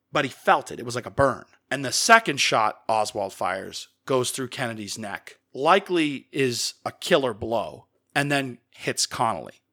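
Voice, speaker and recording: A man's voice: mid-range voice, bright, forceful tone. A man from the Boston area hosting a podcast, explaining events step by step in a conversational storytelling style and briefly acting out quotes.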